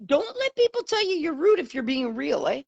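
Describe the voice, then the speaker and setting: An outspoken woman talks bluntly in a casual conversation and swears without holding back. Her voice sits high and swings widely in pitch, and the recording is dry and close. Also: very animated, moderate pace, vocal fry, darkish tone, no room sound, lo-fi sound. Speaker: host and life coach. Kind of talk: casual chat.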